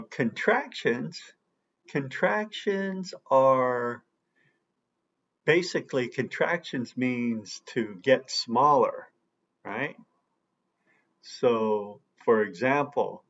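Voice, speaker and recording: A man walks learners through an English lesson at an unhurried pace. His voice sits in a middle register and keeps checking that the listener follows along. The recording sounds muffled and lo-fi. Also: medium pitch. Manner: patient, checks in often with "right?". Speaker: English teacher. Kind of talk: slow explanatory lesson. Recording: dull lo-fi recording.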